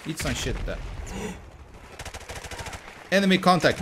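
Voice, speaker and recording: A man giving casual let's-play commentary, excitable, swearing often and shouting callouts. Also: high-pitched, measured pace, pauses often, husky. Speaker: gameplay commentator.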